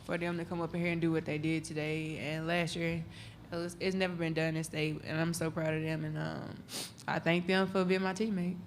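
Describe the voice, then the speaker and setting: A young woman, a college basketball player, answering in a soft-spoken, hesitant way with many fillers. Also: low-pitched, level tone, brisk, slight background noise. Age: young adult. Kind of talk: postgame press conference answers.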